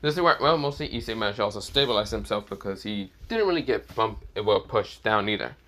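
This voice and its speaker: A man's voice: on the low side, animated, fairly quick, bright, forceful tone. A man casually narrating a fan-made story, rambling with lots of filler words and restarts.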